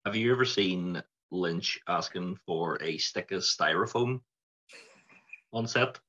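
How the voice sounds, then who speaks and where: A Northern Irish man tells a story in a laid-back, amused way, his voice husky but bright and fairly low. The audio is dull and lo-fi. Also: slow pace. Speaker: podcast guest. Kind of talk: casual chat, anecdote telling.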